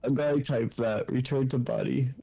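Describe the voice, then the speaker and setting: A young man chatting as a player in a tabletop game, his voice mellow and dark in tone. He talks quickly and jokingly, swearing when things go wrong. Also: medium pitch, fairly even intonation, gravelly, husky. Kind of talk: casual game chat.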